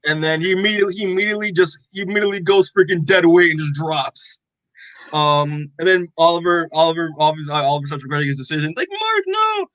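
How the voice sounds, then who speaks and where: A man's voice: a little high, steady tone, quick pace, a bit bright, no room sound, low-quality recording. A man co-hosting a podcast, casually recapping a comic with lots of "like" and acted-out dialogue. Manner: rambling, full of "like" and quoted dialogue. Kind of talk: casual chat.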